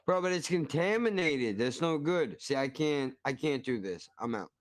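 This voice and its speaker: A man's voice: a little high, lively intonation, normal speed, no room sound, clean studio sound. A man hosting a stream, reacting to a cooking video with profane, mock-outraged ranting. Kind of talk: casual reaction commentary.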